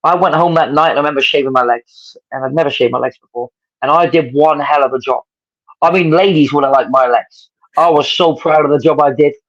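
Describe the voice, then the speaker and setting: In a casual storytelling interview, an English wrestling promoter appearing as a guest speaks a little fast in a fairly high voice, with the highs cut off in the audio. He animatedly acts out the people he quotes.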